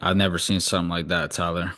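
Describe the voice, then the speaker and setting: A man's voice: sits low, little pitch movement, fast talker, bright, forceful tone. A young man co-hosting a casual sports podcast, talking bluntly and swearing freely. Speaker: podcast co-host.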